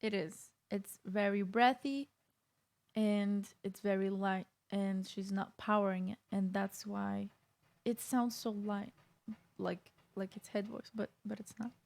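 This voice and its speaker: Female vocal coach, mid-pitched, explaining singing technique off the cuff in a casual reaction format. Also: fairly even intonation, takes it slowly, gravelly, a little mellow. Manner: explanatory, loose and conversational with frequent restarts.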